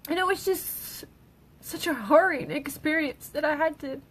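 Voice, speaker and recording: A middle-aged woman, tearful, speaking haltingly on an emotional personal livestream as a grieving mother. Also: high-pitched, a bit bright, poor audio. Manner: halting, with pauses and restarts. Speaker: grieving mother sharing her daughter's story.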